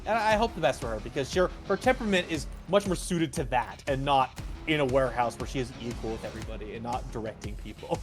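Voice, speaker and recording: A man's voice: mid-range voice, lively intonation, quick pace, few pauses. A man streaming a game, chatting casually in a rambling, stumbling way. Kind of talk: casual chat while gaming. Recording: loud game music and gunfire behind.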